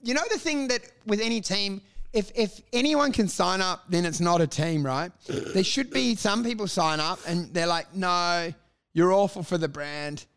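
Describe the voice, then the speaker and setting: An Australian man talks in loose comedic banter on a podcast. His voice sits high for a man, and he swears freely and launches into loud acted-out bits. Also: normal speed, vocal fry, clean tone. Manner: animated, swearing, bursts into shouted bits. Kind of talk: casual comedic chat.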